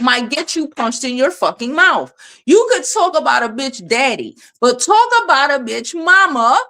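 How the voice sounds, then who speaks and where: A woman hosts a casual livestream on her phone and answers her viewers' comments. She speaks bluntly with a lot of swearing. Her pitch swings widely and with energy from line to line. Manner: blunt, profane, animated. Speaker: livestream host.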